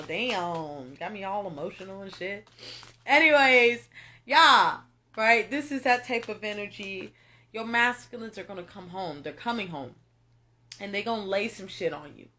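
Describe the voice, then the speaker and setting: A woman's voice: medium pitch, sharp tone. A young woman doing a tarot reading, talking straight to her viewers in an emphatic, repetitive way that is full of swearing. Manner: emphatic, repetitive, profane, addresses viewers directly. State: tearful at moments. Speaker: tarot reader. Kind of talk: casual spiritual reading monologue.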